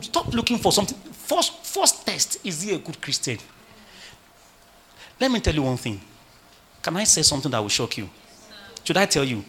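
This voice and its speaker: A male pastor preaching a sermon, animated and full of rhetorical questions to his congregation. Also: high voice.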